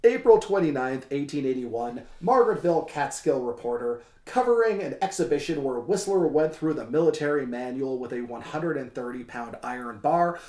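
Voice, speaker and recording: A man's voice: medium pitch, normal speed, hardly any pauses. A man co-hosting a casual podcast, reading old wrestling reports aloud and riffing on them with jokes and swearing. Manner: animated, jokey, swearing, acts out quotes. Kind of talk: casual podcast chat with read-out history. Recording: roomy, echoey room sound.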